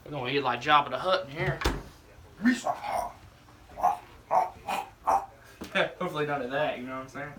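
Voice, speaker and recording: A young man in his twenties from Alabama rambling and joking in slang while he cooks, pitching himself for a cooking show. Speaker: show applicant. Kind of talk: casual audition vlog while cooking. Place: home kitchen. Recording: echoey kitchen, voice from far off, faint noise.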